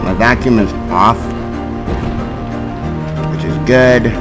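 A man giving gameplay commentary, frustrated and swearing at the game, with sudden yelled bursts. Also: slow, music in the background, rough recording. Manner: yelling in sudden high bursts. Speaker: gaming YouTuber.

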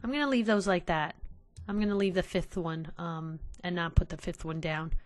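A woman's voice: fairly low pitch, fairly even intonation, moderate pace, no echo. A woman hosting a casual let's play, talking to her viewers in an exasperated way and sighing often. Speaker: gaming channel host.

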